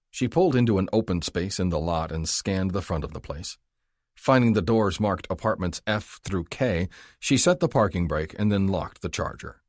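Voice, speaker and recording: A man narrating a romance audiobook in an expressive, measured reading style. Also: low voice, no room sound, clean studio sound. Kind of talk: scripted narration.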